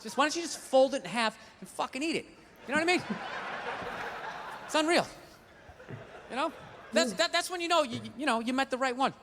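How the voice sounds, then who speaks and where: A man's voice: extremely high pitch, long reverb tail, background noise. A male stand-up comedian ranting in an exasperated, profane way during a live routine.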